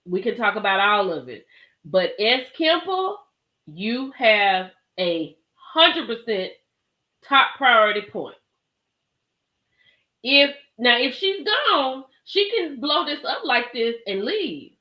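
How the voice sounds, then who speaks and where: A woman hosting a casual live stream, talking straight to her chat in an animated way and often laughing and exclaiming. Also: on the high side, takes it slowly. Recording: echoey room.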